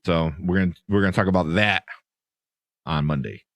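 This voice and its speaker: A man chats about films as a podcast host, his voice sitting on the low side. He rambles with lots of fillers and plenty of enthusiasm. The sound is dry and close, with no room around it. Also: brisk, no room sound. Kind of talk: casual movie review chat.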